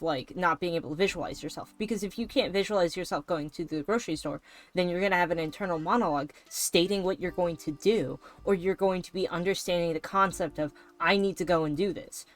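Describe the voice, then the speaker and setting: Rambling woman streamer with low voice. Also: fairly quick. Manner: rambling, animated, swearing. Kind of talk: casual chat while drawing. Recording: faint background music.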